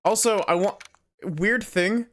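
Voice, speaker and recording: A young woman streamer making chatty, halting asides while playing a game, over game music. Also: medium pitch, slight background noise. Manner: chatty, hesitant asides, trailing off. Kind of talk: casual livestream commentary.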